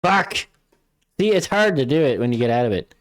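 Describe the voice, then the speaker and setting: A man's voice: medium pitch, big pitch swings, brisk, dry recording, studio quality. A man with an East Coast accent running a live tabletop game, laughing and joking at himself. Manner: laughing, self-mocking banter. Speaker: game master.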